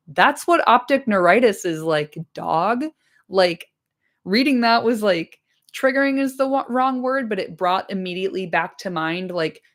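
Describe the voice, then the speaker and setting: After reading a book aloud, a woman streamer chats casually with her live audience, enthusiastic and swearing freely. Her voice is fairly low and slightly hoarse.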